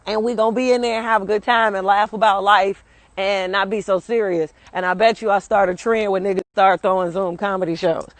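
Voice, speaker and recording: A woman's voice: mid-range voice, steady tone, a little fast, no echo. A woman telling a candid, slangy story in a casual vlog while walking up a hill, recorded on a phone outdoors. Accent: Caribbean American English. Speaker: vlogger. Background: street and vehicle noise.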